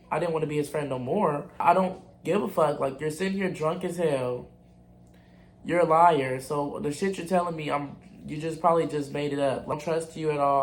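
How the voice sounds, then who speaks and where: A young man telling a casual storytime to his viewers, candid, blunt and full of profanity. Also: fairly high pitch. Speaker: vlogger.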